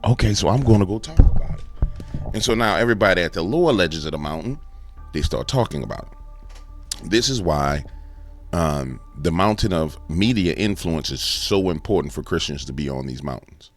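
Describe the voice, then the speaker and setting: A man hosting a commentary show, ranting in a fervent, animated way. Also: a bass voice, moderate pace, faint music behind. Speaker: host. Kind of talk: fiery commentary vlog.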